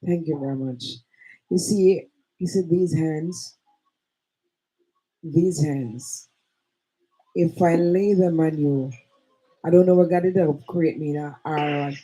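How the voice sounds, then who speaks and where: A woman hosting a live show, talking with a preachy, drawn-out emphasis. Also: low voice, fairly even intonation, mellow, rough recording. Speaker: show host. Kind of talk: live radio-style chat.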